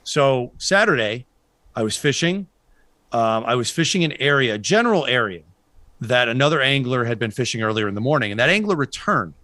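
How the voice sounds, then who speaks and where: A man's voice: medium pitch, sing-song, brisk, pushed and bright, no room sound. A man co-hosting a fishing podcast, telling a story bluntly, swearing freely and acting out both sides of the exchange. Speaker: podcast co-host. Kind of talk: casual podcast chat.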